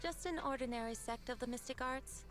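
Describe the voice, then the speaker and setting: A woman plays a serene young mystic in a game, composed and formal, every sentence measured and unhurried. Her voice sits a little high, and soft game music hums faintly underneath. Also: natural voice. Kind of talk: game voice acting.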